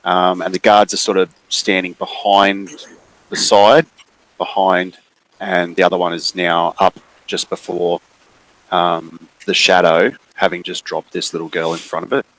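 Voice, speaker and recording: A man, running a tabletop game and describing the scene with many pauses and fillers. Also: low voice, little pitch movement, fairly bright tone, rough recording. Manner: unhurried, hesitant with many fillers. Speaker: game master.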